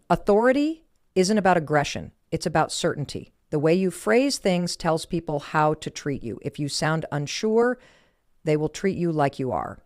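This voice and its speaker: A woman's voice: low-pitched, big pitch swings, moderate pace, a little mellow, no room sound, studio quality. A woman delivering a motivational speech in emphatic, punchy short declarations. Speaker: motivational speaker.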